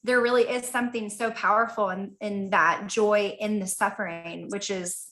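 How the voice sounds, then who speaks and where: A woman's voice: medium pitch, fairly even intonation, normal speed, a bit bright, low-quality recording. A woman co-hosting a podcast, chatty and affirming toward her guest. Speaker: podcast co-host. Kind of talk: casual podcast conversation.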